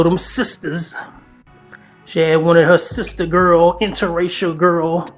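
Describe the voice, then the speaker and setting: A man hosting his own commentary video, speaking bluntly and casually with lots of profanity and laughing asides. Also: a little high. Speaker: commentary channel host.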